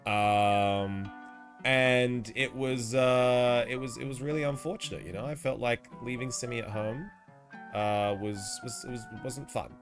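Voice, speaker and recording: A man's voice: mid-range voice, steady tone, measured pace, over music. A man with an Australian accent chatting casually to his live chat as a streamer, slangy and laughing often.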